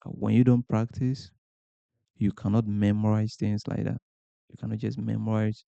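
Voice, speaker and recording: A man speaks in a low, gravelly voice with a very dark tone. He gives informal language-learning advice, posing rhetorical questions and then answering them. The sound is dry and a little muffled. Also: flat delivery, normal speed, dry recording. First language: not English. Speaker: language learning podcast host. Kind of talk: informal advice talk to camera.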